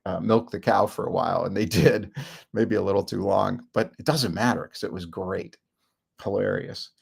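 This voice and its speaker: A middle-aged man giving a rambling self-help talk, full of fillers and frequent chuckles. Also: lowish voice. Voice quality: gravelly, husky.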